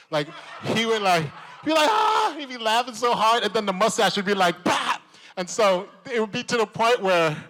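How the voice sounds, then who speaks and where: A man telling stories at a convention panel, lively and laughing, acting out the voices of the people he quotes. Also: high voice. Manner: animated, laughing, acts out voices. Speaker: convention panel guest, actor. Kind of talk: animated storytelling at a convention panel. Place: convention hall. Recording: long hall reverb.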